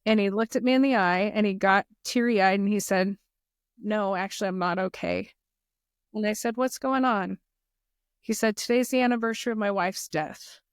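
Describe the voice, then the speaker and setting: A woman's voice: mid-range voice, moderate pace, clean tone, no echo. Middle-aged woman on a podcast, earnest and heartfelt, dry close sound. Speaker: guest, foundation leader. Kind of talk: podcast interview.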